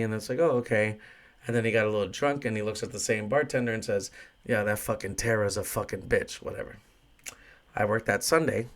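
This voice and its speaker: Young male bar-worker host, lowish voice, chatty profane rant, casual monologue. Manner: profane, ranting, frequent fillers. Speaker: bartender and podcast host.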